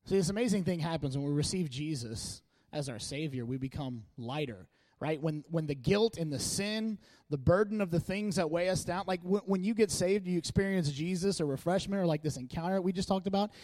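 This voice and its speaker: A man with a slightly raised pitch preaches in a loose, conversational way. He jokes and stays animated as he talks a church crowd through scripture. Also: moderate pace, no room sound. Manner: chatty, joking, animated delivery. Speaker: church speaker. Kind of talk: casual sermon. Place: church meeting room.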